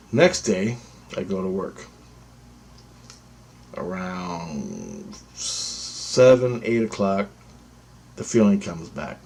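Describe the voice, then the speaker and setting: Husky low-voiced man rambling a story. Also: a little mellow. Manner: rambling, repetitive, swears freely. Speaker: vlogger. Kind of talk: casual spoken storytelling.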